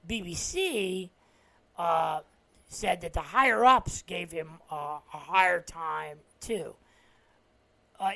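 A man's voice: high voice, fairly bright tone. Rambling New Jersey man hosting a podcast. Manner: rambling retelling with frequent "uh" fillers and restarts. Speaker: podcast host. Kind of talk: casual solo podcast monologue.

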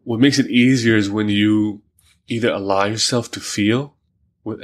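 A man's voice: fairly low pitch, steady tone, moderate pace. A man hosting a podcast, talking casually and reflectively, with lots of fillers and worked examples. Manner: reflective, many fillers, talks through examples. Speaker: podcast host. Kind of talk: casual conversation.

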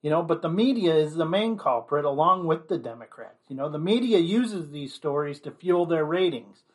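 A man's voice: on the high side, expressive, moderate pace. A man giving an opinionated commentary monologue, blunt and rambling, leaning on constant "you know" fillers.

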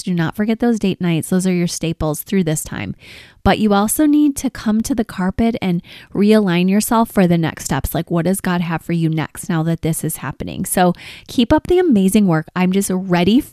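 A woman's voice: mid-range voice, a little mellow, no room sound, clean studio sound. A woman in her forties hosting a podcast, talking casually and from the heart, with lots of "like" and quoted asides. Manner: chatty, heartfelt, many likes and quoted asides. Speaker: podcast host. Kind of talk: casual personal monologue.

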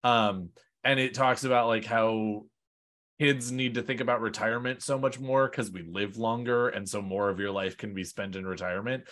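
A man's voice: fairly low pitch, fairly even intonation, moderate pace, a bit bright. A man hosting a podcast, rambling casually and laughing easily. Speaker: podcast host.

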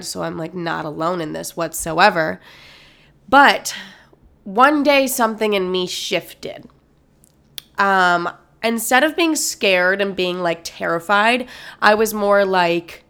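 A woman's voice: mid-range voice, a little slow, sharp tone, smooth. A young woman hosting a podcast episode, telling a personal story candidly, with frequent swearing and many uses of "like". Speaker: podcast host.

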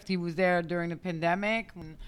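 A woman's voice: on the low side, steady tone, a little fast, clear, resonant tone. A woman co-hosting a casual chat, speaking directly to the listeners. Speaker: podcast co-host.

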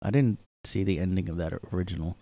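A man's voice: deep voice, fast talker, dark tone, no room sound. A young man hosting a casual solo podcast from his room, rambling and sarcastic with lots of fillers. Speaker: podcast host.

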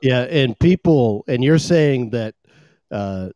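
A man's voice: mid-range voice, expressive, slow pace, warm tone, no room sound, lo-fi sound. A man from Maine co-hosting a casual podcast, teasing his co-host in a wry way. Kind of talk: casual chat.

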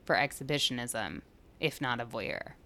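A woman's voice: very deep voice, normal speed, bright, forceful tone. A woman co-hosting a podcast, chatting frankly and playfully and giggling often. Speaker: podcast co-host. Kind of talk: casual chat.

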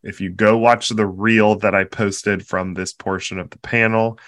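A man's voice: on the low side, flat delivery, a little slow, fairly bright tone, dry recording. A man co-hosting a casual chat, recounting a moving moment with emotional enthusiasm. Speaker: podcast co-host.

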